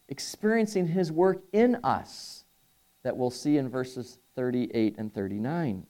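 A man's voice: mid-range voice, expressive, measured pace, dark tone. A man preaching a sermon as pastor, earnest, building emphasis on key phrases.

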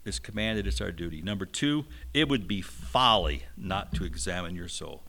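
A middle-aged man preaching a sermon, slow and emphatic, with a touch of humor. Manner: slow, emphatic preaching with lively pitch swings. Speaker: pastor.

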